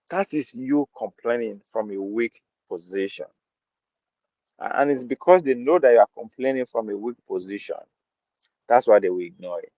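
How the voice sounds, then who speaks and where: A man's voice: medium pitch, animated, moderate pace, no echo. A man with a Nigerian accent hosting a podcast, giving opinionated commentary and driving points home by repeating phrases and slipping into Pidgin. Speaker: podcast host. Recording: dull lo-fi dry sound.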